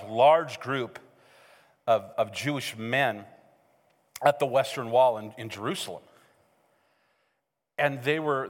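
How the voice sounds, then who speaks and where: An American man preaching a sermon to his church, talking conversationally and building to excited, rousing preaching. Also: on the high side. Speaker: pastor. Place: church sanctuary. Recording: long reverb of a large hall.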